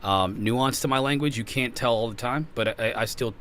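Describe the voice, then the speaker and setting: A man hosting a casual podcast discussion, animated and laughing often, with frequent repeats and restarts. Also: mid-range voice, brisk, slight background noise. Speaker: podcast host.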